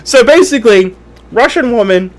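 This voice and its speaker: Podcast co-host: man, high animated voice, hesitant and giggly retelling. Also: normal speed. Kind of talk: casual comedy chat.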